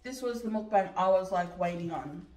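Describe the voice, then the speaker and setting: A woman's voice: fairly low pitch, fairly quick, a little mellow. A woman chatting on a mukbang, enthusiastic and reminiscing about food. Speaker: mukbang co-host. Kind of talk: casual chat while eating. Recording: roomy echo, mic far off, faint noise.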